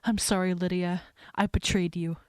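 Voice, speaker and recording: A woman's voice: fairly low pitch, level tone, normal speed, smooth, dry recording, pitched below the performer's own voice, close to an everyday voice. A woman playing a laid-back teenage stoner girl in a tabletop role-play, rambling easily with lots of fillers. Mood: confessing.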